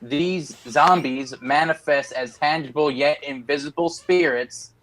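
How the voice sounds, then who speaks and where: A man co-hosting a casual online podcast, explaining things at length in a dry tone. His voice sits slightly high. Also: unhurried, fairly bright tone, poor audio. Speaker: co-host. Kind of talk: casual podcast chat over the internet.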